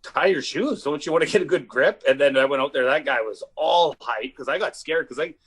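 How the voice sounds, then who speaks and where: A young adult man from Canada, a comedian guest telling animated, profane stories in a casual chat and acting out the quotes. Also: a little high, fairly quick, husky. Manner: animated, swearing, acts out quotes. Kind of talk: casual storytelling.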